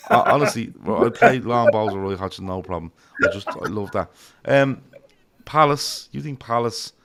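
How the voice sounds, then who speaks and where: A man's voice: on the low side, moderate pace, a bit bright, slight background noise. An Irish man hosting a casual football chat podcast, rambling and swearing freely as he tells stories. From Ireland. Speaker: podcast host.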